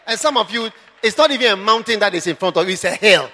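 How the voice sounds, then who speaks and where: A male pastor preaching a sermon, impassioned and often shouting, sometimes mimicking his listeners. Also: sits high, lively intonation, fast, big-room sound, some chatter behind, slight background noise.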